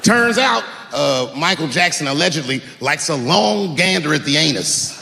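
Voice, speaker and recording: A man performing live stand-up comedy, telling profane stories that swing into shouted rants. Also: a little high, expressive, normal speed, creaky, in a large hall. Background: audience laughter.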